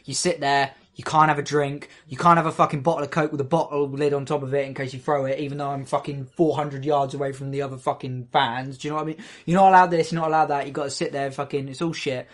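A man telling a sweary, animated story in a casual chat among friends. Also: mid-range voice, fast, hardly any pauses. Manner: animated, heavy swearing, laughs often.

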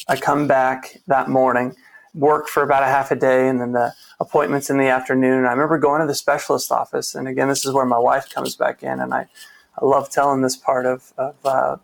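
A man's voice: mid-range voice, gravelly. A man guest in a conversation, telling a personal story in an earnest, reflective way, often restarting his sentences. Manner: earnest, reflective, with frequent restarts and quoted dialogue. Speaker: interview guest.

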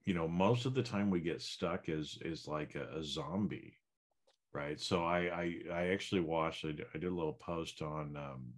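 A man's voice: very deep voice, moderate pace. A man co-hosting a podcast, musing in a reflective, rambling way with many fillers. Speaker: podcast co-host. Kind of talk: casual chat.

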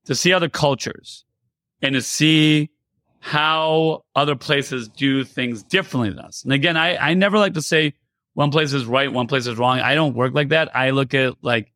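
A man's voice: medium pitch, normal speed, pushed and bright, no room sound. A man from the United States hosting a podcast, talking in a loose, rambling way with many fillers. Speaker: podcast host. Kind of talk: casual podcast interview.

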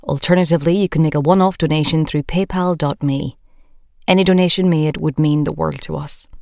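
A woman's voice: deep voice, fairly even intonation, a little fast, vocal fry, a little mellow, no room sound, clean studio sound. Woman announcing a podcast drama. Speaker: podcast presenter.

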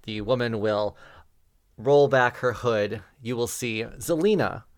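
Game master, male, slow deliberate narration, dry close sound. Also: mid-range voice, no room sound. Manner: unhurried narration, chuckling often.

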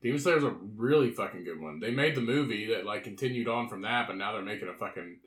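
Animated swearing man in an echoey room. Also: fairly low pitch, quick pace. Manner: crude, animated, swears a lot. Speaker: podcast co-host. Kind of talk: casual banter.

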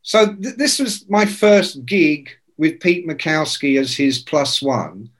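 Animated, sweary man in his sixties. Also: on the high side, slow pace. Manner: animated, sweary, acts out quoted voices. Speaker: guest. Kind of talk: casual storytelling.

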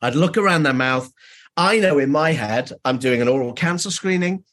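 A dentist being interviewed on a podcast, telling stories in an animated way and acting out dialogue. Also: male voice, on the high side, moderate pace.

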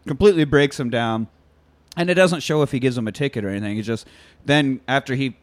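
A man's voice: mid-range voice, fast. A man hosting a podcast, chatting casually about a movie and acting out its lines as he retells the scenes. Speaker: podcast host.

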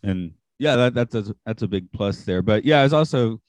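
Deep-voiced man with faint Southern accent. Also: animated, moderate pace, a little mellow, no echo. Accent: slight Southern American. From American South. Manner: rambling, hesitant, laughs at himself. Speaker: podcast co-host. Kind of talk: casual podcast discussion.

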